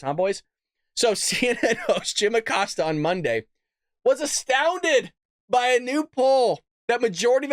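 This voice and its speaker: A man's voice: high-pitched, fairly bright tone, no room sound, clean studio sound. Sarcastic ranting male show host. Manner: sarcastic, exasperated, mocking. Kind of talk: political commentary rant.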